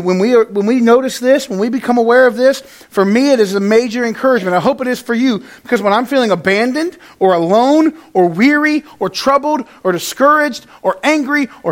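A man with a high-pitched voice preaching a sermon. He swings from loud, emphatic stretches to hushed, quiet ones and acts out the words he quotes in an animated way. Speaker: pastor.

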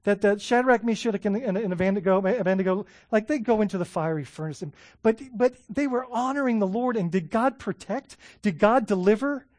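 A man's voice: high voice, brisk, few pauses, no echo. Pastor guy preaching, fired up, trips over his words, dry close sound. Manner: animated, repeats and restarts words, laughs often. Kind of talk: sermon.

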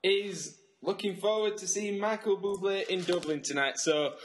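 A man's voice: high voice, normal speed, slight background noise. Dry young northern English man. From North of England. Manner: dry, hesitant, deadpan. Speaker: student radio co-host. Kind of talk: casual comic banter.

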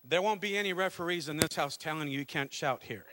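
A middle-aged pastor preaching a fervent sermon, mixing calls to worship with a conversational family story. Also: male voice, fairly high pitch, fast talker, background noise. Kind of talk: Pentecostal sermon.

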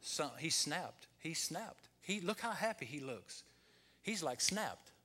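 A pastor preaching a Sunday sermon, rising to loud peaks and dropping to hushed, whispered lines. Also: male voice, fairly high pitch, animated, measured pace.

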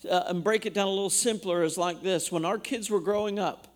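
A man's voice: sits high, fairly even intonation, fairly quick. A man, a pastor, preaching a sermon in a church, reading scripture aloud and asking the congregation questions.

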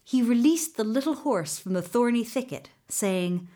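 A woman storyteller reads a folk tale aloud in storybook narration, her pitch lively and her pace slow.

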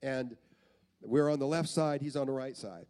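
A pastor preaching a sermon in a church, earnest, repeating phrases for emphasis. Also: male voice, medium pitch, moderate pace, dark tone.

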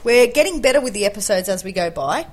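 A woman's voice: medium pitch, lively intonation, fast talker, background noise. A young woman co-hosting a casual podcast, jokey and giggly, now and then slipping into a pirate voice. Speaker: podcast co-host. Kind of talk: casual chat.

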